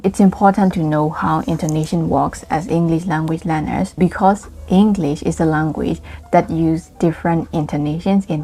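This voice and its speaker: A woman whose first language is Burmese teaching English intonation in an online lesson, explaining slowly and carefully and acting out example sentences. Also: low voice, warm tone, slightly rough.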